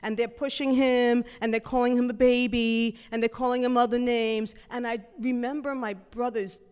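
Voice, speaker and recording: Woman, middle-aged, personal storyteller, lively and animated, slightly high pitch, long hall reverb. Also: moderate pace, clear, resonant tone. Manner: animated, lively, blurts out acted dialogue.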